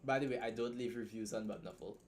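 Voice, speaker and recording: A young man with a Trinidadian accent chats on his own livestream, blunt and joking, with casual swearing and quick asides. His voice sits at an ordinary middle pitch, with a faint hum of room sound behind him. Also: steady tone, darkish tone. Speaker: livestream host and writer. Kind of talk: casual livestream chat, reacting and reading a story aloud.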